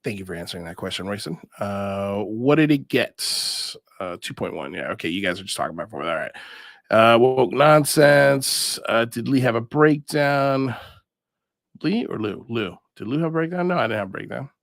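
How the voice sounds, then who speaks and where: A man's voice: medium pitch, normal speed, gravelly, no room sound, clean studio sound. A man hosting a livestream, reading chat comments and rambling casually with lots of fillers. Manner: rambling, animated, frequent fillers and laughs. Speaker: show host reading live chat.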